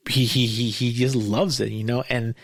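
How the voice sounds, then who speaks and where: A man with a mid-range, fairly flat voice hosts his own show at a moderate pace, ranting angrily in a casual, profane monologue riddled with restarts and fillers. The sound is clean studio audio with no echo.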